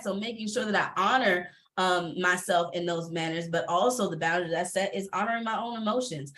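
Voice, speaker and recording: A woman's voice: medium pitch, steady tone, a little fast, hardly any pauses, fairly bright tone. A woman who coaches entrepreneurs, speaking candidly and emphatically on a panel over a video call, laughing often.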